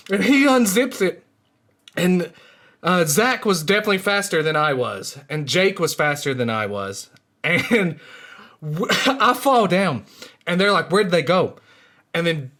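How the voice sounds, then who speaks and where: A young man telling a personal story in casual speech, laughing through parts and dropping to a hush in tense moments. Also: high-pitched. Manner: laughs through the story, swings from excited to hushed.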